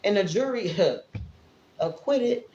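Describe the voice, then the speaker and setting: A woman's voice: medium pitch, animated, slow, mellow, dull audio, slight background noise. Emotional, rambling woman vlogger, roomy sound. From Fort Wayne, Indiana, US. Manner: rambling, emotional, direct address to viewers. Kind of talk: casual livestream-style vlog talk.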